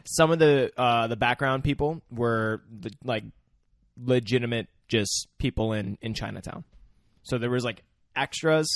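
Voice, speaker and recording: A man's voice: mid-range voice, a little slow, no echo, clean studio sound. A man co-hosting a podcast, chatting casually and adding bits of trivia about a movie. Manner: adds trivia, loose and conversational. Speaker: podcast co-host. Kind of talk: casual chat.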